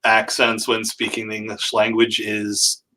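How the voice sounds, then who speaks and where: A man's voice: lowish voice, completely flat delivery, a little slow, bright, forceful tone. A man hosting a casual interview who talks in a chatty way and laughs easily. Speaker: interview host.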